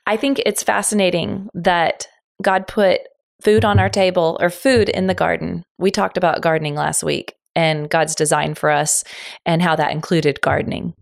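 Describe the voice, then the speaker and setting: An enthusiastic woman hosting an interview, talking with a grin in her voice. Her tone sits a little low and has a creaky, gravelly edge. The sound is dry, with no room around it. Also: steady tone, moderate pace, dry recording. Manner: eager, smiling, self-described oil nerd. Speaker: podcast host.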